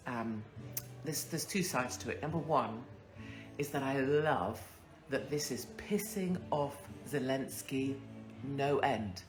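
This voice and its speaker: A woman's voice: a bass voice, echoey room. A woman hosting a casual monologue, ranting bluntly and swearing freely into a phone. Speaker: host.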